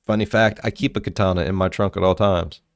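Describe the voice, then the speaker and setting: A man with a notably deep voice talks casually to his audience, drifting into long, profanity-laced stories. He sounds close and dry, with no room sound around him. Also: fast talker, no room sound. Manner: profane, rambling and animated. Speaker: reaction video host. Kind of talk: casual storytelling commentary.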